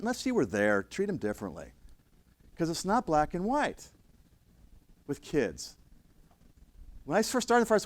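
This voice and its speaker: Blunt middle-aged guy teaching a class, pitch all over the place, dry mic. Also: dry recording. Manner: blunt, conversational, acts out quoted voices. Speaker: trainer of emergency responders. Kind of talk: classroom lecture with stories.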